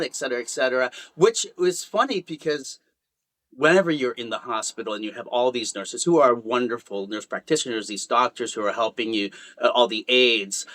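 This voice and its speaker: A man telling his own story in an emotional podcast conversation, expressive and halting, laughing often and tearful. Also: medium pitch, no room sound. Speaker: guest.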